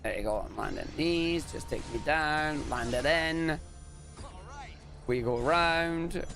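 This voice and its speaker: A Scottish man streaming a speedrun, talking casually with jokes and sudden excited exclamations. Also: on the high side, slow pace. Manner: excitable, jokey, bursts into loud exclamations. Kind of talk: casual live-stream commentary. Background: game music.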